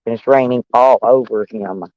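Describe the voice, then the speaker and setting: A woman's voice: rumbling low, moderate pace, dark tone, no room sound. Older woman, profane livestream host, lo-fi close sound. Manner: brash, profane, laughing taunts. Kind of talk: casual livestream rant.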